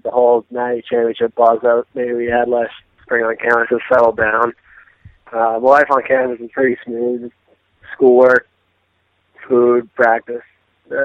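Twenties male senior athlete, bright tone, muffled lo-fi audio, easygoing and hesitant. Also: mid-range voice, steady tone, measured pace, long pauses, dry recording. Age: 20s. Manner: laid-back, hesitant, laughs things off. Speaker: college hockey player, senior. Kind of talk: casual interview chat. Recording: dull lo-fi audio.

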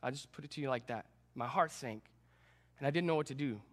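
A young adult man, a student pastor, preaching a sermon and telling a personal story with animated, self-deprecating humor. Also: medium pitch, quick pace. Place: church sanctuary. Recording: long reverb in a church hall.

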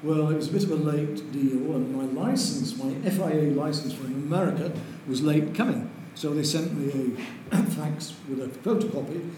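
A man's voice: a little high, moderate pace, hardly any pauses. Older man telling racing stories. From Lancashire, England. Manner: lively, chuckles through stories. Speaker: interview guest, racing driver. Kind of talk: anecdotal storytelling. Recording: very echoey room with faint noise.

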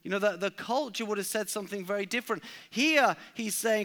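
A man's voice: extremely high pitch, animated, brisk, few pauses, sharp tone. A male preacher delivering a sermon, emphatic, and repeating key lines for stress.

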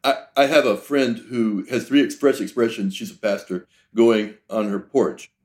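A man with a fairly low voice hosts a conversational podcast. He talks in a reflective, thoughtful way and builds his points through long metaphors. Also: steady tone, normal speed. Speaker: podcast host. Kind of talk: conversational interview.

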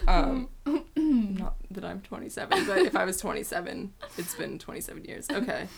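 A woman's voice: medium pitch, very animated, normal speed, vocal fry, crowd noise. A woman chatting casually, rambling and laughing often. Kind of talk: casual chat. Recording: faint background noise.

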